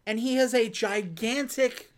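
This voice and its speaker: A woman's voice: on the high side, a little slow. A woman co-hosting a casual chat, retelling a movie's scenes step by step and acting out the characters' lines. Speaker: podcast co-host.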